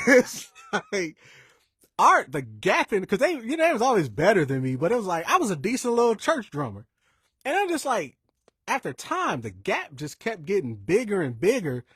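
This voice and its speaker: Animated young man, husky voice. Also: high-pitched, normal speed, dry recording, studio quality. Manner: lively, animated storytelling with quoted voices and restarts. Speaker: speaker sharing church stories. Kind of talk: informal preaching-style talk.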